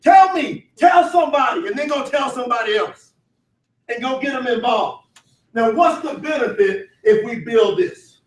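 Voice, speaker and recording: A man leading a motivational sales training, shouting, laughing and getting the crowd to answer back. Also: very high-pitched, animated, moderate pace. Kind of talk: motivational seminar talk. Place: large event hall. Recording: echoey hall, voice from far off.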